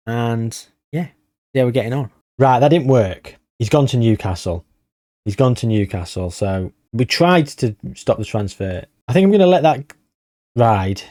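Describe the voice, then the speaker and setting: Wry, chatty man, mellow voice. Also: mid-range voice, no room sound, clean studio sound. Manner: chatty, wry and sarcastic, thinking aloud. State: tired. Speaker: gaming YouTuber. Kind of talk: casual game commentary.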